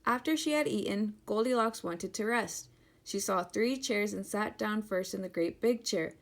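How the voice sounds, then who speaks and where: A woman teacher giving an interactive children's read-aloud, speaking directly and warmly to the kids. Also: mid-range voice, moderate pace.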